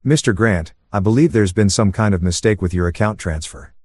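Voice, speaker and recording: Casting: male reader as a controlled, strained senior banker, low pitch. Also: fairly quick, darkish tone, slightly rough, dry recording, studio quality. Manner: strained professional composure. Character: controlled, composed older male bank executive.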